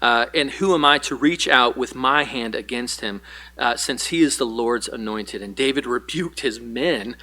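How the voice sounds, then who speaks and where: A man's voice: mid-range voice, moderate pace, sharp tone. A male pastor teaching a Bible study, retelling scripture in a casual, conversational way and paraphrasing the characters' dialogue.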